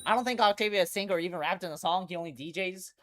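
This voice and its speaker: A woman live streaming a video game, chatting casually in slangy, animated speech that leans on "bro" constantly. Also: fairly low pitch, fast, faint music behind. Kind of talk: casual livestream chatter over gameplay.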